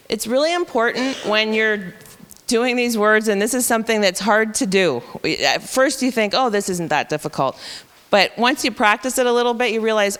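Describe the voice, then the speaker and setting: Woman teacher leading a staff training, patient and explanatory, clear voice in a reverberant room. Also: fairly high pitch, a bit bright. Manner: explanatory, talks through teaching steps. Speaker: reading intervention teacher. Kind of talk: professional development presentation.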